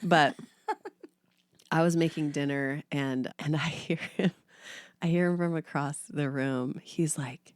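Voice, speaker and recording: A woman in her thirties, a podcast co-host, telling animated family stories in casual chat and laughing often. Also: deep voice, takes it slowly, dry recording, clean studio sound.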